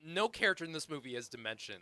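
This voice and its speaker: A man co-hosts a casual movie review chat, blunt and emphatic, and he swears freely. His voice sits a little high with a bright, forceful edge. The recording is dry and close-miked. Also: very animated, rapid-fire, no room sound. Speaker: podcast co-host.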